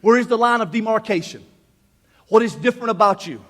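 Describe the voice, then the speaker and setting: A middle-aged man preaching a sermon from a church pulpit, his voice sitting high for a man. He presses his points by repeating words and phrases. He drops to quiet asides, then rises to loud declarations. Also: fairly quick. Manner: emphatic, repeats words when fired up. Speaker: pastor. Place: church sanctuary.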